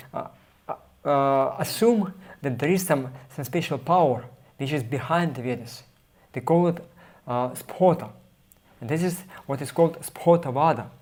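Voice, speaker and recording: A man teaching a scripture class, reading passages aloud and explaining them haltingly, with many fillers and restarts. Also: fairly high pitch, a little mellow. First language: Russian.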